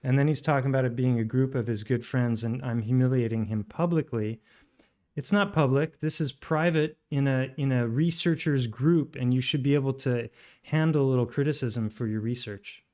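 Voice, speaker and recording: A man's voice: mid-range voice, moderate pace, darkish tone. A man streaming, commenting on a played clip with sarcastic, indignant rebuttals.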